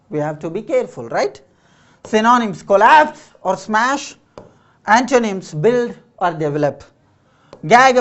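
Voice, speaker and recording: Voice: medium pitch, lo-fi sound. An English teacher explaining a story and word meanings step by step, often checking in with "right?". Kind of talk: classroom vocabulary lesson.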